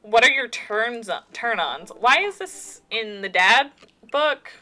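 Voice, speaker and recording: A woman's voice: fairly high pitch, expressive, takes it slowly, bright, forceful tone. A woman streaming a story game, reacting to it with exasperated, amused commentary.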